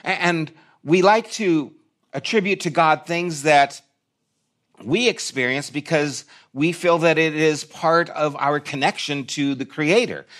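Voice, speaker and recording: A man's voice: on the high side, a little slow, fairly bright tone. Reflective man preaching a sermon. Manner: reflective and conversational, with short restarts. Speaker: pastor. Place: church.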